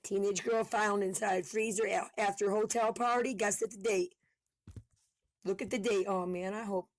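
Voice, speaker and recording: A woman commentator talking in a heated, fast way, swearing often. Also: mid-range voice, fairly even intonation, no room sound. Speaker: online commentator. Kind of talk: casual commentary video.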